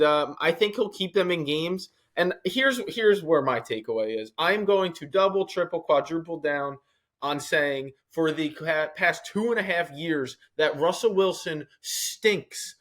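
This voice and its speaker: A man's voice: fairly high pitch, lively intonation, measured pace, a bit bright. A man with a New York accent co-hosting a sports podcast, giving blunt, opinionated takes in casual chat. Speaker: podcast co-host.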